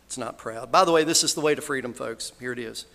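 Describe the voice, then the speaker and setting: Folksy preacher with a gravelly voice. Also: male voice, mid-range voice, fast talker, fairly bright tone. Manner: earnest, folksy, quotes scripture and others with rising emotion. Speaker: minister giving a funeral eulogy. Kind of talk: sermon. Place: church hall. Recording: hall reverb, faint background noise.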